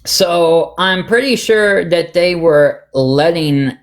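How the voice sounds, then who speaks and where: A man hosting a casual livestream, rambling through gossip and getting animated as he retells online drama. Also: fairly high pitch, takes it slowly. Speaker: livestream host.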